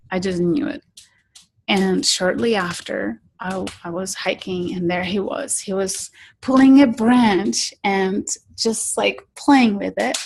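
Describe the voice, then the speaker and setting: A woman telling personal stories as an interview guest, softly and earnestly, sometimes dropping to a whisper. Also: medium pitch, creaky, slight background noise, poor audio. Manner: soft, earnest, drops to whispers in tense moments. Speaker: interview guest, spiritual guide. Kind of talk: storytelling in an interview.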